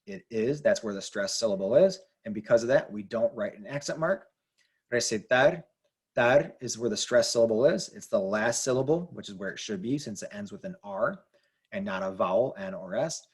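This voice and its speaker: Guy teacher walking through rules step by step, kinda husky voice, lots of ums. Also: medium pitch, a little mellow. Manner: patient, repetitive, filler-heavy explaining. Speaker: Spanish teacher. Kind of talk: classroom explanation.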